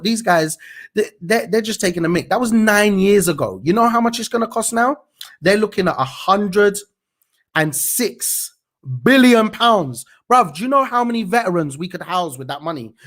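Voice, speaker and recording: A man's voice: sits high, expressive, moderate pace, a bit bright. Slangy man ranting on the news. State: slight cough. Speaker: news show host. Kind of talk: casual news commentary.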